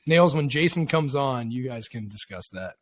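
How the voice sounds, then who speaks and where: A man's voice: mid-range voice, lively intonation, moderate pace, a bit bright, no echo. A man co-hosting a podcast, rambling and swearing with self-mocking humor in casual banter. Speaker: podcast co-host.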